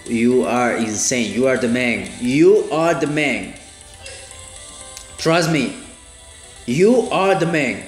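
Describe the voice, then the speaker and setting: Excitable high-voiced man playing a game. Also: echoey room. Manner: excitable, exclaims and laughs often. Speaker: gaming channel host. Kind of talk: let's play commentary.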